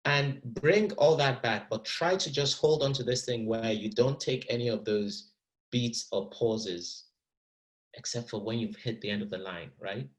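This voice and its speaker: A man coaching actors through verse in a masterclass, animated and encouraging. He often repeats a word while searching for the next thought, and his voice sits at an ordinary middle pitch. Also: a little slow, low-quality recording. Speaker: acting teacher.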